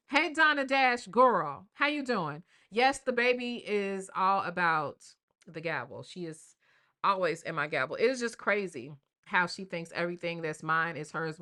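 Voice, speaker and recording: A grandmother chats with her live-stream viewers in a slightly high voice with a sharp tone. She's slangy and talkative, using "y'all" and "baby" for her audience.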